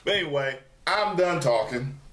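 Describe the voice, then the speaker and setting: A man vlogging casually to camera from the dining room of his studio apartment, animated and profane, and he mimics his commenters in a raised voice. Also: on the high side, normal speed, echoey room.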